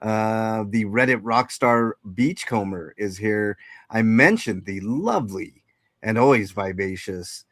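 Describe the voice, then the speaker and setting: A man's voice: fairly low pitch, animated, slow pace, a bit bright, dry recording, clean studio sound. A man hosting a casual livestream chat, greeting viewers and rambling with many fillers and restarts. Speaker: livestream host.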